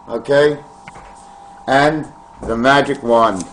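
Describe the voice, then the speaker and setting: A man vlogging in a meandering, free-associating monologue to camera, with sudden loud bursts. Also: fairly high pitch, animated, slow, pauses often.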